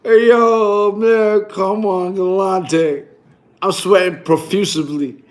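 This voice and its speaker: A man telling a story on his vlog in an animated, boastful way, full of slang and repeated phrases. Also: high-pitched, takes it slowly. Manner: slang-heavy, repetitive, boastful.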